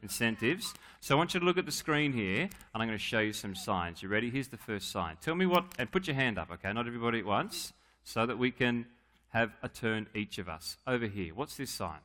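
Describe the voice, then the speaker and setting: A man's voice: mid-range voice, sing-song, a little fast, pushed and bright. A man leading a playful, joking children's talk at a church service, coaxing kids to answer.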